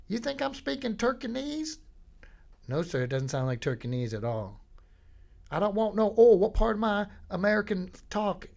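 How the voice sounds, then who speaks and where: Man voicing a high, gravelly Southern customer, loud and drawling, comic podcast bit. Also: very animated, moderate pace, heavily acted. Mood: indignant. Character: loud drawling rural Southern drive-thru customer, gruff.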